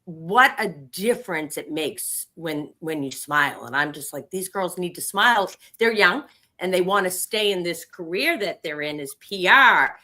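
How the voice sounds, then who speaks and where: A woman's voice: lowish voice, expressive, measured pace, sharp tone. A woman telling a story in casual conversation, chatty with many fillers.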